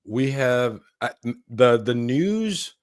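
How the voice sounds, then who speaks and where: A man's voice: medium pitch, big pitch swings, slow pace. A man hosting a live horror news stream, chatting casually and laughing often. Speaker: podcast host.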